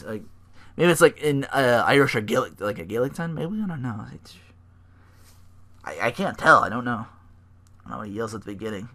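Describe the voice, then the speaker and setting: A man hosting a solo podcast, recapping in a rambling, profane, excitable way. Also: mid-range voice, quick pace. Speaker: podcast host.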